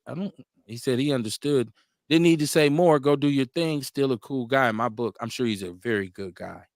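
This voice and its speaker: A man's voice: medium pitch, moderate pace, dry recording, studio quality. A man hosting a casual live stream, reading viewer comments aloud and answering them frankly, often laughing and repeating himself. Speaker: live-stream show host.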